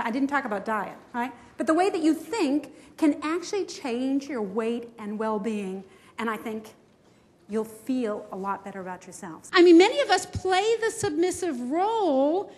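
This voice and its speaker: A middle-aged woman giving a conference presentation as a health speaker, telling stories with animated, self-mocking humor. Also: high-pitched. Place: conference hall.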